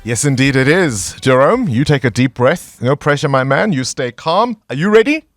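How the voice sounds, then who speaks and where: A man hosting a live radio quiz, reading questions briskly in a studio. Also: mid-range voice, animated, no room sound.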